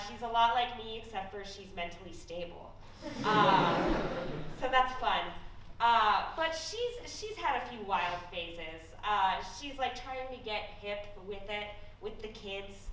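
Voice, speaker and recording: A young adult woman doing a stand-up set, with deadpan, self-mocking delivery and frequent swearing. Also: medium pitch. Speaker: stand-up comedian. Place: stage at a college comedy showcase. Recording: echoey room from far off with audience noise.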